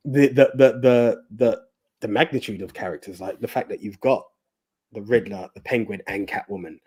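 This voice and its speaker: A man's voice: lowish voice, normal speed, dark tone, slightly rough. A man co-hosting a podcast in casual chat, often stumbling and repeating words as he thinks. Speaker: podcast co-host.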